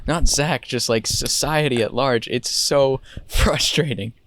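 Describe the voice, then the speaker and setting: A man's voice: medium pitch, slow, fairly bright tone, slight background noise. A man co-hosting a podcast in casual chat, musing reflectively on ideas. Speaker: podcast co-host.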